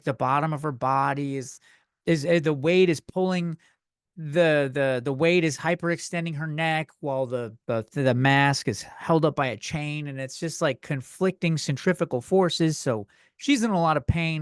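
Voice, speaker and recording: A tipsy man hosting a comedy podcast, ranting loudly and repeating himself. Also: fairly high pitch, no room sound, clean studio sound. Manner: drunk, loud outbursts, repeats himself. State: tipsy from beer. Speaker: podcast host. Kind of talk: comedic rant.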